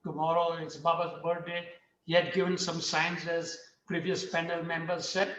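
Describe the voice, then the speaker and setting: A man's voice: fairly high pitch, little pitch movement, moderate pace, a bit bright. A man on a discussion panel, telling a story earnestly and often repeating his phrases. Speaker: panel speaker. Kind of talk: storytelling talk. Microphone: video call. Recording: roomy, distant, dull video-call audio.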